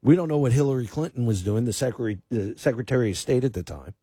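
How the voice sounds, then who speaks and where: A male radio host with a somewhat husky voice delivers pointed political commentary. His speech is emphatic, with restarts and repeated words. The sound is close and dry. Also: mid-range voice, lively intonation, fast, dark tone, no room sound. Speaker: fill-in radio talk host.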